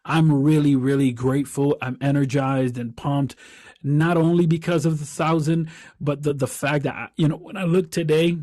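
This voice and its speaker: Earnest man, slightly high voice. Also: fairly even intonation, moderate pace, darkish tone, dry recording, clean studio sound. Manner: earnest, heartfelt, repeats words as he thinks. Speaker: podcast host and coach. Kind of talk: reflective solo podcast talk.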